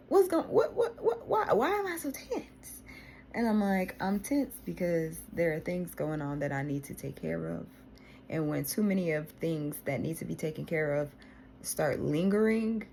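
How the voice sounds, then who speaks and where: A woman's voice: low-pitched, vocal fry, a little mellow, a little hiss or hum. A woman vlogger venting to her viewers in a casual diary style, exasperated and swearing freely.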